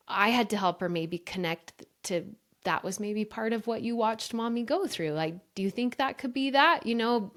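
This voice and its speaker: As a guest on a podcast, a brain coach shares personal stories conversationally, heartfelt and emotional, and becomes animated whenever she acts out what others said. Her voice is mid-range, and she frequently addresses listeners as "you guys."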